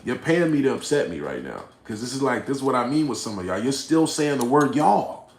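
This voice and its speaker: Brief: male livestream host, profane and confrontational, mid pitch, roomy echoey room sound. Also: lively intonation, a little fast. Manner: swings between low mutters and loud outbursts. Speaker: livestream host reading chat. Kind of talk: casual livestream rant.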